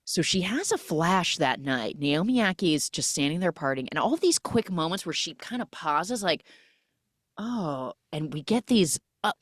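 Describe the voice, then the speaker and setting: Lively woman recapping a film. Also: fairly low pitch, dry recording, clean studio sound. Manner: animated retelling, acts out characters and sound effects, many "like" fillers. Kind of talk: casual spoiler recap of a film.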